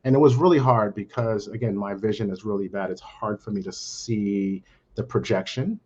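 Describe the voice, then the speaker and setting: A middle-aged man from Brooklyn, under the weather, speaking on a panel in a halting way full of fillers. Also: on the low side, darkish tone, slightly rough, muffled recording. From Brooklyn, New York. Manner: halting, many fillers and restarts. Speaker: panel guest, account manager. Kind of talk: casual panel talk.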